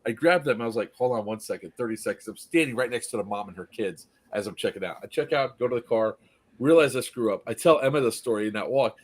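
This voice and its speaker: A man's voice: mid-range voice, quick pace. A man in casual chat, telling a story with energy and acting out the people in it. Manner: animated, acts out the people in his story.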